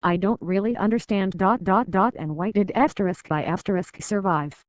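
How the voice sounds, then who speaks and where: A woman voicing a calm, enigmatic female android who speaks in a measured way. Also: medium pitch, no echo, natural voice. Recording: dull dry recording.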